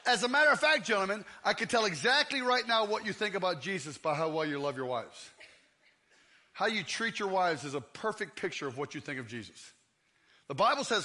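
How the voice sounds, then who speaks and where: Pastor, 50s, high voice, tells stories for laughs and plays out every scene. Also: male voice, expressive, brisk, pushed and bright. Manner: comic storytelling, acts out scenes. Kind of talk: sermon. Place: church.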